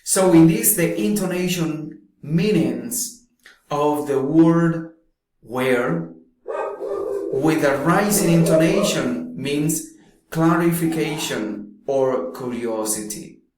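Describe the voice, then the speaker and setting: A man teaching pronunciation in a slow, deliberate way, pausing often between phrases. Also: fairly high pitch, a little mellow. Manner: slow, deliberate, drawn-out speech with long pauses. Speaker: English teacher. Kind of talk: slow explanatory lesson. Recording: very echoey room.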